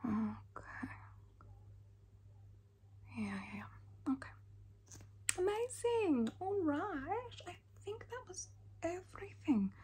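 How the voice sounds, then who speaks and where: Man playing a wealthy Australian mum, whispered role-play, high breathy whisper, unhurried, blunt, doting. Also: very animated, darkish tone, exaggerated voice. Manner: breathy whisper, calls everyone darling, frank backhanded compliments. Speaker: lash artist character.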